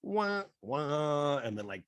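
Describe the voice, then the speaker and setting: A man's voice: on the high side, sing-song, takes it slowly, fairly bright tone, clean tone, dry recording. A man hosting a podcast, recapping a TV episode in a casual, joking way and playfully acting out the lines he quotes. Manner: casual and swearing. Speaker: podcast host. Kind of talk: comedic TV recap.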